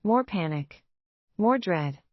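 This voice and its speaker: A woman reading a first-person romance novel aloud in a measured, even way. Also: lowish voice, dry recording, muffled recording. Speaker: audiobook narrator.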